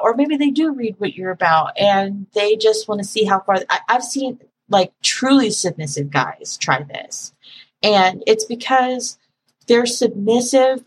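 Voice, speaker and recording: A woman chatting on a podcast in an animated, storytelling way. Her voice sits at a middle pitch and she swings into other voices as she recounts conversations. There is a faint noise behind her. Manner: animated storyteller, acts out callers, laughs often. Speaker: podcast guest, phone sex operator.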